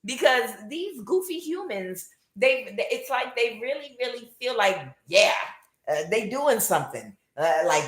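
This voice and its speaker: A woman's voice: a little high, very animated, a little slow, echoey room. A woman giving a casual tarot reading, mocking and scolding, with many filler uhs. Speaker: tarot reader.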